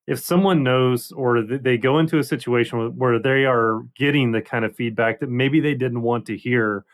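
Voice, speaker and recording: A man's voice: medium pitch, moderate pace. A man hosting a podcast, asking questions and sharing his own experience on a video call. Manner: friendly, reflective, shares own experience. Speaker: podcast host. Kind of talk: conversational podcast interview.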